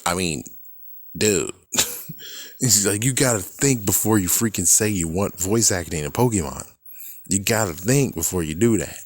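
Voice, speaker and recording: A man's voice: deep voice, animated, normal speed. A man ranting casually about his opinions, rambling and exasperated, often swearing. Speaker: video creator.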